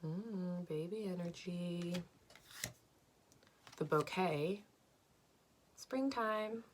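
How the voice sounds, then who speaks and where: A young woman reading tarot cards for her viewers at home, slow and dreamy but enthusiastic, with lots of "like"s. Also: fairly low pitch, slight background noise. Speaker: tarot card reader. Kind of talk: pick-a-card tarot reading.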